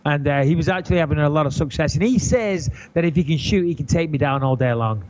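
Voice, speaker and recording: English guy in his thirties, podcast guest, lively, jokey and profane, pitched a bit high, lo-fi sound. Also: fast talker. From England. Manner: animated, joking and profane. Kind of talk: casual podcast chat.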